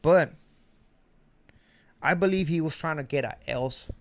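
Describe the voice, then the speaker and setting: A man's voice: on the high side, a little slow, a little mellow. A middle-aged man from Mexico giving a blunt, slangy commentary monologue. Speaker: commentary streamer.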